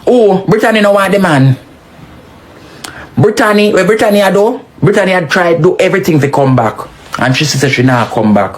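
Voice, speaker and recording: A woman with a Jamaican accent giving animated, scolding patois commentary, swinging her pitch up and down for emphasis. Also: moderate pace. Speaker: social media commentator.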